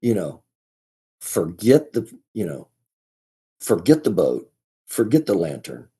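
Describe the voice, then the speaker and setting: A man as a podcast guest, telling a story in a casual, halting way, often restarting and repeating his words. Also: fairly low pitch, very animated, mellow, breathy edge.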